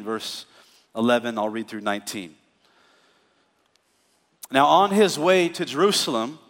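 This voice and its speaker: A pastor preaching a sermon in a conversational style that climbs into emphatic, rising bursts. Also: male voice, mid-range voice, fairly bright tone, in a large hall.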